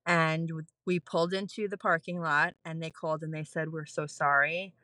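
A woman's voice: deep voice, fairly quick, no echo. Candid woman nurse telling her story. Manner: candid, animated storytelling with laughs. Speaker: podcast guest, postpartum nurse. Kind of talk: casual chat, telling a birth story.

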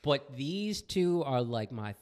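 A man's voice: mid-range voice, sing-song, slow pace, a little mellow. A young man who works with kids at a clinic, chatting casually and earnestly, often repeating himself. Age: young adult. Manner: earnest, repeats phrases, frank. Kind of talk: casual chat.

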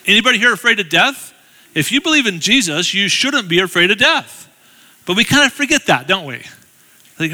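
A middle-aged man giving a guest sermon as a relaxed storyteller, with self-deprecating asides to the audience. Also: high-pitched, normal speed. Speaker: guest speaker. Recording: long hall reverb.

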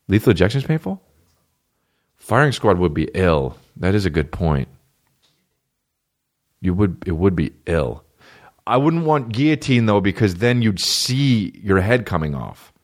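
A man hosting a podcast, rambling in a casual comedic monologue full of swearing while he riffs on listener questions. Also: on the low side. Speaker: podcast host.

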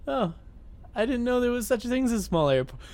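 A man's voice: high-pitched, expressive, moderate pace, a little mellow. A man voicing a pompous, clueless rich man in a put-on posh voice. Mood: snooty.

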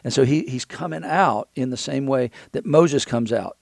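A man's voice: mid-range voice, normal speed, creaky, darkish tone, no room sound, studio quality. A man teaching a Bible passage verse by verse, talking conversationally with many restarts and reading scripture aloud.

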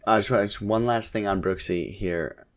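A man in his thirties, a podcast co-host, casually chatting about his kids in a relaxed, rambling way with lots of fillers. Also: fairly low pitch, moderate pace. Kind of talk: casual chat about family.

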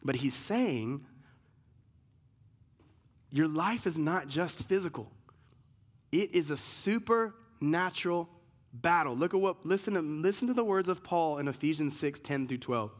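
A man preaching a sermon as pastor, emphatic, rising sharply in pitch when he reads scripture aloud. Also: expressive, unhurried, pauses often.

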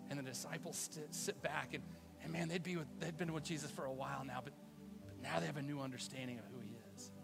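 Man, pastor, livestream sermon, high voice, lively delivery, loud-to-hushed swings. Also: fast, creaky, over music. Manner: animated, conversational preaching with dramatic swings from loud to hushed.

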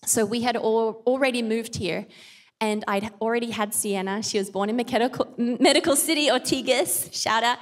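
A woman's voice: a little high, normal speed. A woman, giving a casual, humorous sermon in a chatty, self-deprecating way with playful asides. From Australia. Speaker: pastor. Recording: long hall reverb.

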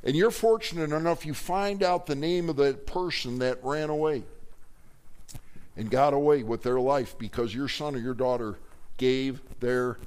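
A man's voice: mid-range voice, smooth. A middle-aged man teaching a Bible class, telling stories and acting out the voices of the people in them. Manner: animated storytelling, acting out quoted voices.

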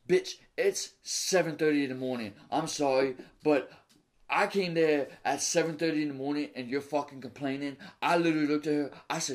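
A man's voice: on the high side, a little fast. A man from Maryland, a cook appearing as a podcast guest, ranting in a fired-up way with lots of swearing and stumbling restarts. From Maryland, USA. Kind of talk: casual podcast chat.

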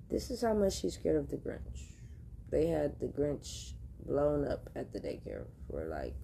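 A woman's voice: low-pitched, vocal fry, mellow, a little hiss or hum. A woman hosting a podcast, telling a casual story straight to her listeners, chatty and laughing often. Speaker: podcast host.

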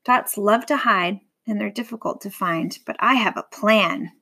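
Woman doing a calm helpful letter man. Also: medium pitch, unhurried, vocal fry, slight background noise. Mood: reassuring.

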